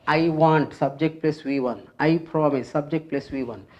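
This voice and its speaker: An English grammar teacher explaining a rule at the board, patiently repeating each phrase and example several times and pausing often with fillers. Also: medium pitch, a little mellow. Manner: explains step by step with frequent fillers. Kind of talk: classroom grammar lesson at a board.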